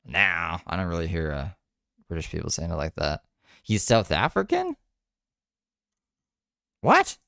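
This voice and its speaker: A man's voice: deep voice, fairly even intonation, normal speed, vocal fry, pushed and bright. A man streaming casual reaction commentary, skeptical and sarcastic, swearing freely.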